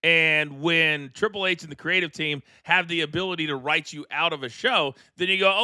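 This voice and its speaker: Bright, crisp-voiced man hosting a live reaction. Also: on the high side, moderate pace, few pauses, no echo, clean studio sound. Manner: animated, incredulous, rambling rants. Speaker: host. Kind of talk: live watchalong reaction commentary. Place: studio. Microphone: studio mic.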